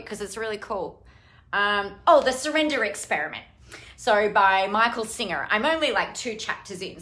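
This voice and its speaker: A woman's voice: medium pitch, sharp tone. A middle-aged woman coach talking casually on a live stream, chatty and rambling, with some casual swearing. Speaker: online business coach.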